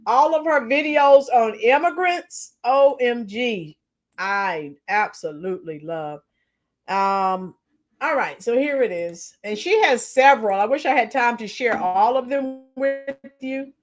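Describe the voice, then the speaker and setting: Chatty female reaction-stream host with a high voice who talks straight to her chat. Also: unhurried. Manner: chatty, greets chat viewers by name. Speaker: livestream host. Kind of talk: casual reaction livestream.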